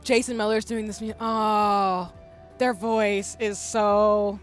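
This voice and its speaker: A woman's voice: medium pitch, flat delivery, takes it slowly, music in the background. A woman in her thirties streaming a game live, tearful, emotional and goofy as she talks through it. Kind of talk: live gameplay commentary.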